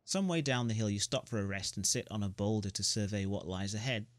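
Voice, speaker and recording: A man's voice: lowish voice, fairly quick, no room sound. A man reading the narration of a story game aloud, with joking asides. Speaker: gamer.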